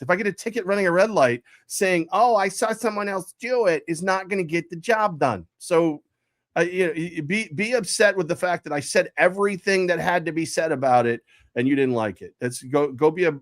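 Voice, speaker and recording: A middle-aged man co-hosts a sports talk show, his voice sitting a bit high for a man. He tells stories in an animated, ranting way and breaks into shouts. The sound is dry and close, with no room around it. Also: normal speed, no room sound. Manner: animated storyteller, rants with shouted outbursts. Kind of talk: casual sports radio chat.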